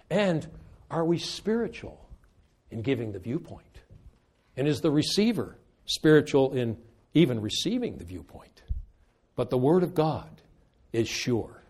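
An older man preaching a sermon and leading a closing prayer, unhurried and folksy, with slow, emphatic phrases. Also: on the high side, big pitch swings, darkish tone.

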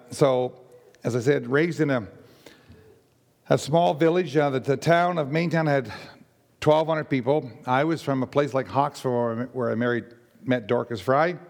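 Older man, raspy, halting church testimony, many fillers, long hall reverb. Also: medium pitch, darkish tone. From Nova Scotia. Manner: rambling, halting storyteller with many fillers and restarts. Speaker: church member giving testimony. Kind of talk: personal testimony to a congregation.

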